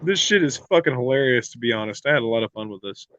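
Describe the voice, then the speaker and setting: A man joining his partner's live stream, teasing playfully and laughing loudly. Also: medium pitch, expressive, fast. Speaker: host's partner. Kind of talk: casual live-stream chat. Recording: dull lo-fi stream audio.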